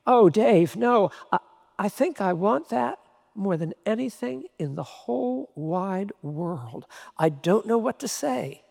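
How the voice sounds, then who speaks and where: A man's voice: sits high, expressive, takes it slowly, vocal fry, darkish tone, full character voice. A man doing an earnest young woman in love. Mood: overwhelmed. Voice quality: plain-spoken, earnest. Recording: long hall reverb.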